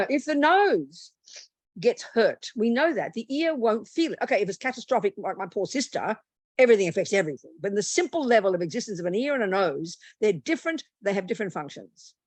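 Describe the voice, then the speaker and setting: A woman's voice: mid-range voice, big pitch swings, brisk, husky, dry recording. A woman, a Buddhist nun, teaching a meditation retreat in a blunt, plain-spoken and humorous way.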